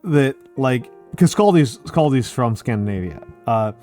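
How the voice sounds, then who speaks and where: A man's voice: mid-range voice, animated, measured pace, a little mellow, soft background music. A man from Northern Illinois with a general American accent, chatting on a group voice call and often repeating himself insistently. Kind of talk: casual chat.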